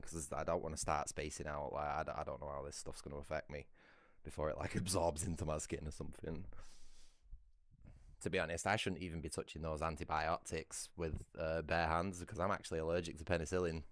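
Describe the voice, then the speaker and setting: Low-voiced British guy, chatty and sweary. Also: flat delivery, fairly quick, no room sound, clean studio sound. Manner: chatty, rambling, swears freely. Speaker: livestreamer. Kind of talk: casual livestream chat.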